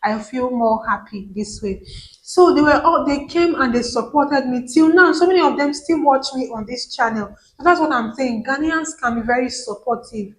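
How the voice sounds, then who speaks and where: Chatty Nigerian woman, slightly high voice. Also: moderate pace, rough recording. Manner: chatty, repeats words for emphasis. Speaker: vlogger. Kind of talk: casual chat to camera.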